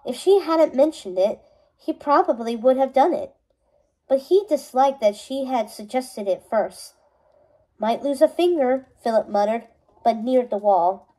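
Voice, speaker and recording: Woman narrator, high mellow voice, steady reading of a novel. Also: unhurried, rough recording. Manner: steady storytelling with small self-corrections. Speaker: reader.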